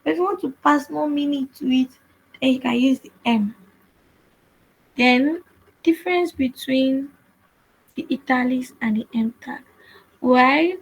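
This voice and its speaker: A woman's voice: high voice, vocal fry, breathy edge, rough recording. A woman teaching web development in a screen-share coding tutorial, explaining patiently and repeating herself with frequent restarts.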